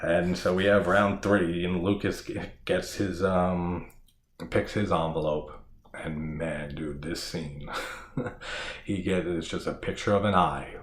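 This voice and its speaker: A man's voice: low voice, steady tone, slow. A man hosting a horror review channel, recapping a film in a rambling, laughing way with lots of swearing and filler words. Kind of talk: casual spoken film recap. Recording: echoey room with faint background noise.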